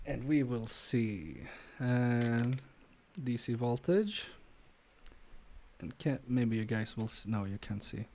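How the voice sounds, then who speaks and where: A man's voice: mid-range voice, animated, slow, mellow, slight background noise. A man streaming an electronics repair live, muttering to himself and joking with viewers about his own mistakes. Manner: muttering to himself and chatting to viewers, self-deprecating.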